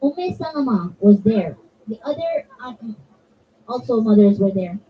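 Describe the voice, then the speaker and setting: A woman telling a religious story to children at a community gathering, expressive and speaking to them directly. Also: on the high side, a little slow, distant mic, muffled recording, a little hiss or hum. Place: community center hall.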